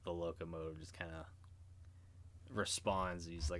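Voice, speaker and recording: A man's voice: low-pitched, fairly even intonation, slow, long pauses, a bit bright. A man narrating as game master in an online tabletop game, hesitant and full of restarts. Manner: hesitant, many restarts and fillers.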